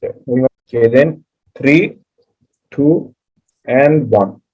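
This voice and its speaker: A young man, organizing an online session and talking in a relaxed, unhurried, reassuring way. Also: mid-range voice. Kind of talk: casual meeting talk. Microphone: video call. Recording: dull lo-fi video call audio.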